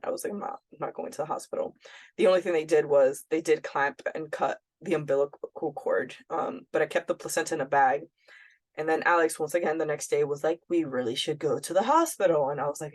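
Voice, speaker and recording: Blunt, candid woman telling her story. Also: low voice. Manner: candid and blunt, often quoting herself with many "like"s. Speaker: podcast co-host. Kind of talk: casual personal storytelling.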